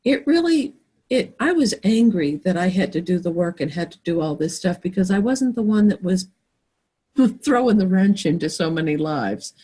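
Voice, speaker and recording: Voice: mid-range voice, very animated, normal speed, mellow, slightly rough. A podcast guest speaking earnestly and reflectively from personal experience. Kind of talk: casual conversation.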